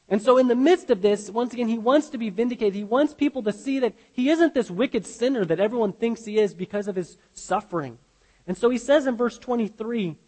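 Animated and a little fast, this pastor's voice is slightly mellow and high for a man. He delivers an earnest, emphatic sermon, frequently stopping to restart sentences, while a big hall's long reverb echoes behind him.

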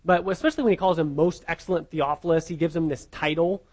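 A man with a high voice leads a Bible lesson in a relaxed sermon style. He talks conversationally, stumbles over repeated words, and checks in with his listeners. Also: fast talker. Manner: conversational, repeats words, asks the group questions. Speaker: pastor teaching a Bible class. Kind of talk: informal sermon teaching.

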